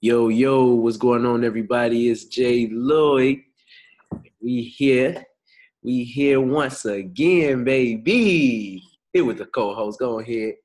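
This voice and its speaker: A man's voice: medium pitch, slow pace, darkish tone, low-quality recording. A young man co-hosting a podcast in a casual, slangy, laid-back way, chuckling between thoughts. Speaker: podcast co-host.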